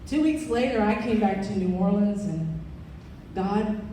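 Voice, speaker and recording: A woman in her sixties tells her story as a keynote speaker, leaning on repeated phrases for emphasis. Her tone is soft and mellow. The sound comes from a distance and rings around a big echoing hall, with faint background noise. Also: medium pitch, a little slow. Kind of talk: personal testimony speech. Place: large event hall.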